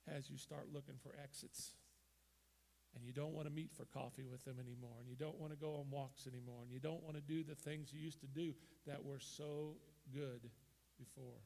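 Gravelly-voiced male pastor preaching. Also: on the high side, normal speed. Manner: emphatic, rising to loud bursts then dropping quiet. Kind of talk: sermon. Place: church sanctuary.

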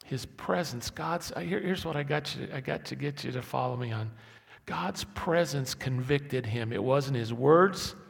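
Impassioned gravelly preacher in his sixties. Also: unhurried. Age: 60s. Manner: impassioned, building to loud emphatic peaks then dropping low. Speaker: pastor. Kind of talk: sermon. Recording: echoey hall.

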